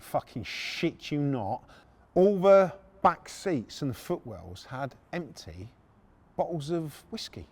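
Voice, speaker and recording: A man hosting a storytelling podcast, brash and animated, with frequent swearing. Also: mid-range voice. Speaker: podcast host.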